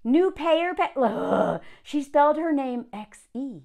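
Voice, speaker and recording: A woman's voice: high-pitched, big pitch swings, takes it slowly, creaky, darkish tone. A woman giving sarcastic reaction commentary on a story she reads aloud. She gets worked up as she talks. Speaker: video commentator.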